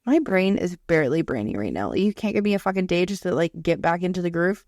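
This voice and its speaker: A woman's voice: on the low side, lively intonation, quick pace, a little mellow, no room sound, studio quality. A young woman co-hosting a podcast in casual chat, blunt and profane, often acting out what coworkers say. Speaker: podcast co-host.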